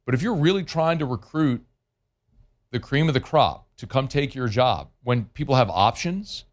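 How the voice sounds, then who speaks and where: A man's voice: mid-range voice, animated, moderate pace. A man hosting sports talk radio, talking in a loose, conversational way with many fillers and restarts.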